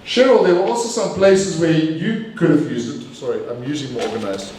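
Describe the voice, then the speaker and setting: A man giving a live language evaluation at a speaking club, energetic and emphatic, often repeating phrases and correcting himself. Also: a little high, a little fast, a little hiss or hum. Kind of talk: live speech evaluation to an audience. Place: meeting room with audience. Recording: echoey room, mic far off.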